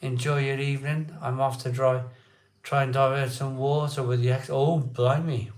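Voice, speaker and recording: An excitable man hosting a casual live stream, chatting with viewers, repeating himself and laughing often. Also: medium pitch, normal speed, reverberant. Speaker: live-stream beer show host. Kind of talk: casual live chat reading viewer comments.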